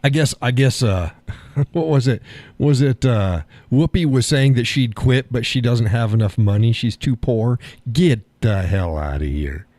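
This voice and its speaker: Older male stream host, folksy and wry, mellow tone, dead-dry close sound. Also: mid-range voice, normal speed, dry recording. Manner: folksy, sardonic, chuckling often. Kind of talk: casual political chat.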